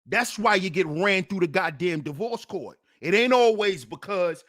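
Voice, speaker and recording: Rhetorical questions drive the fired-up, preaching commentary of a male livestream host who alternates loud challenges with sarcastic mutters. His voice sits high and is expressive, moving at a moderate pace.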